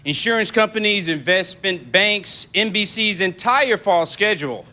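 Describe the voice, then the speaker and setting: A man playing a comic correspondent, delivering a scripted news report in a dry, deadpan way. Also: high voice, normal speed. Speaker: comedy correspondent. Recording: studio audience laughter and loud noise behind.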